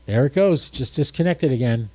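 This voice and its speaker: A man's voice: mid-range voice, animated, moderate pace, darkish tone, dry recording. A drowsy, tired man hosting a casual livestream, chatting and thinking aloud as he works his ham radio gear. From United States.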